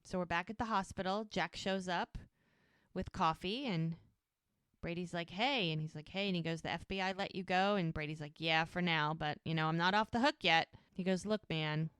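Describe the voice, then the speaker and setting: A woman with a smooth, clear voice and a fairly low pitch chats casually on a podcast. She retells scenes and acts out snippets of dialogue, and her mic sounds dry and close. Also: normal speed, no echo. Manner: retells scenes with quoted lines, animated. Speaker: podcast co-host. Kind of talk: casual recap chat.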